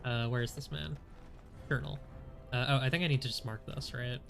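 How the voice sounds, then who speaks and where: A man's voice: medium pitch, fairly even intonation, fairly quick, creaky, a bit bright. A man streaming a game, congested, chatting casually and joking at his own expense. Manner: chatty, self-deprecating. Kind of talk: casual gameplay commentary. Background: game music.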